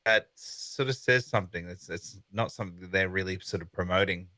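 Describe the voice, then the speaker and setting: A man co-hosting a gaming podcast talks in a very low voice with a sharp, bright edge. He rambles casually through his points. The sound is dry and close. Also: a little fast, dry recording. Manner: rambling, many fillers and restarts. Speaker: podcast co-host.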